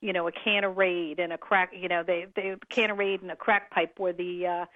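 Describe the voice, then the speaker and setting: A woman's voice: lowish voice, level tone, fairly quick. A woman guest telling travel stories on a talk radio show, rambling with many restarts and fillers. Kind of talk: casual radio chat. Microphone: phone line. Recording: tinny phone line.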